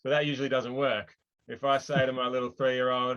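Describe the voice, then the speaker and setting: A man's voice: medium pitch, little pitch movement, a little fast, a bit bright, dull audio. A man hosting an interview, friendly and agreeable, telling a story about his young kids in a conversational way. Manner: friendly, agreeable, laughs often. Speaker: podcast host.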